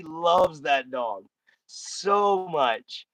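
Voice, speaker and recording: A man's voice: a little high, normal speed, fairly bright tone, no echo. A man hosting a casual live stream, talking bluntly and folksily straight to his chat.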